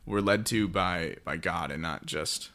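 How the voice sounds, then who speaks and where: A man co-hosting a podcast who calmly pushes back and clarifies his point in a casual discussion. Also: low voice, measured pace. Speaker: podcast co-host.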